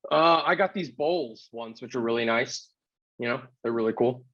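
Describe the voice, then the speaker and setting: Husky sick-sounding New man. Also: mid-range voice, normal speed. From New York City. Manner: rambling, profane, animated storyteller. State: sick with covid. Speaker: comedian podcast host. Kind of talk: casual storytelling chat. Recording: dull lo-fi sound.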